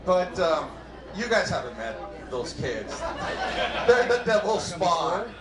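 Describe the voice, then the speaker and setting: Animated man doing stand-up in a club. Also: sits high, a crowd in the background, noisy background. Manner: animated, acts out dialogue in quick bursts. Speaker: stand-up comedian. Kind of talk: stand-up comedy set. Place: comedy club stage before a live audience. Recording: roomy club sound.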